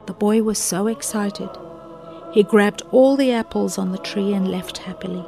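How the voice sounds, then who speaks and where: A woman narrating a moral storybook tale in a calm, earnest read-aloud manner. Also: mid-range voice, moderate pace, creaky, soft background music.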